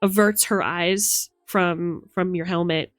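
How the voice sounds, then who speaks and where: A woman's voice: fairly low pitch, steady tone, slow, dry recording, clean studio sound, faint music behind. A woman running a tabletop game, narrating scenes in a chatty, descriptive way with many fillers. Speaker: game master.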